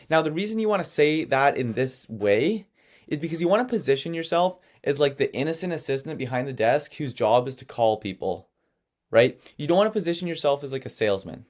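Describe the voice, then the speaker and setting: Brisk and mid-range in voice, a man who founded an agency runs an online sales class as lively storytelling, frequently asking "okay?" and "right?".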